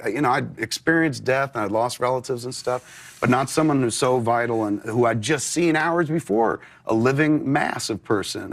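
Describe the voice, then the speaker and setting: A man in his forties, an interview guest, telling a personal story candidly with many fillers. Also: medium pitch.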